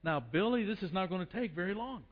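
A man playing a calm, patient young father who talks quietly and soothingly. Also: high voice, fast talker. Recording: echoey hall, dull lo-fi sound.

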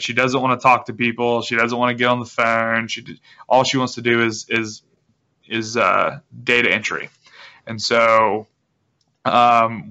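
A man guest explaining his business in a relaxed, rambling interview manner, with many restarts. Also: mid-range voice, smooth. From South Carolina. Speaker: guest, real estate wholesaler. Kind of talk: casual interview talk. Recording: dull lo-fi audio.

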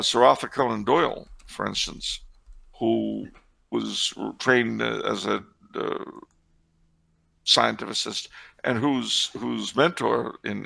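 A man with a deep-set, gravelly voice that is bright and forceful at once. He talks through church history in a casual way, wandering off into sardonic asides. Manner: wry, digressive, sardonic asides. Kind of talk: casual discussion with digressions.

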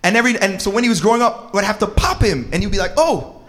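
A man in his thirties co-hosting a casual chat about parenting and relationships, animated and slangy with preacher-like exclamations. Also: high-pitched, very fast. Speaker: podcast co-host.

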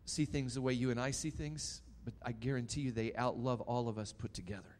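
A man preaching a sermon, telling a story dramatically and swinging between loud and hushed. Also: mid-range voice, steady tone, brisk.

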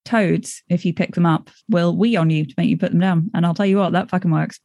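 A woman's voice: on the low side, fairly even intonation, brisk, warm tone, no echo, studio quality. An English woman co-hosting a podcast, chatting casually, wandering into tangents and laughing often. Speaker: podcast co-host. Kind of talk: casual chat.

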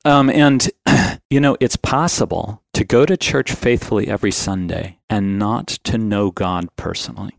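Man, fifties, podcast guest, earnest, reflective storyteller, low voice, dry sound. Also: normal speed, hardly any pauses, no room sound. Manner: earnest, reflective, clears throat often.

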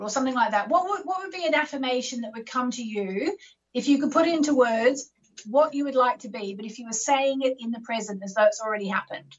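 Woman, astrology call-in host, higher voice, encouraging, coaching callers, dull lo-fi audio. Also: fast talker. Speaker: astrologer hosting a call-in show.

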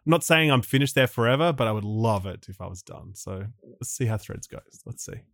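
A man's voice: mid-range voice, expressive, brisk, creaky, no echo. Laid-back man, dry close sound. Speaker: video game YouTuber. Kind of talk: casual podcast chat.

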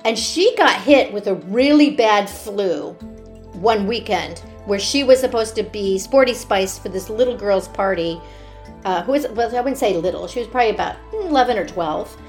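A woman who works as a children's party performer, casually telling personal stories in an animated way and laughing often. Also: mid-range voice, normal speed, soft background music.

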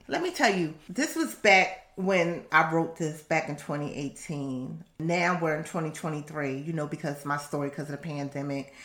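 A woman reading from her own book on a podcast, assertive and animated, breaking off into laughing asides. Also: low voice, reverberant. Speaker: author and podcast host.

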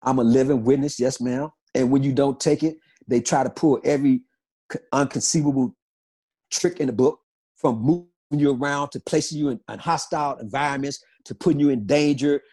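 Husky-voiced man, emphatic and insistent. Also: medium pitch, a little fast, dark tone. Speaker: interview guest. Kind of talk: emotional interview testimony.

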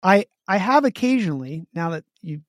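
A man's voice: high-pitched, brisk, dry recording, clean studio sound. A man co-hosting a business podcast, telling stories animatedly and acting out both sides of conversations. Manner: animated storyteller, acts out both sides of dialogue. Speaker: podcast co-host.

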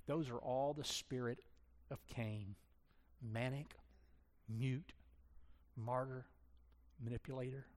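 Male pastor, mid-pitch, chatty self-deprecating sermon delivery, long hall reverb. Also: steady tone, slow, long pauses, darkish tone. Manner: conversational, self-deprecating, acts out quoted voices.

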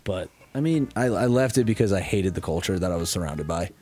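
A young man from New York co-hosting a podcast, telling stories in a loose, profane, animated way. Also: low voice, fairly quick. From Bedford, New York. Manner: profane, animated storytelling with impressions and laughs. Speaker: podcast co-host. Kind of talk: casual podcast chat.

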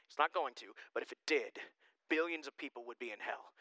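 A man preaching a sermon as pastor, emphatic and animated, with joking asides to his congregation. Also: fairly high pitch, a little fast, dry recording.

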